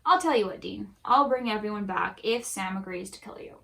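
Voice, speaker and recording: A woman's voice: mid-range voice, animated, a little fast, creaky, a bit bright. Brief: woman voicing a scornful, impatient male god, taunting and snappish. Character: fed-up male god villain, mocking and impatient.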